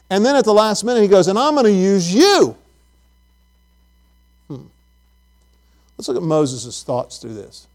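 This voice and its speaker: High-voiced man preaching a Bible lesson. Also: darkish tone. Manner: asks the listeners questions, repeats words often.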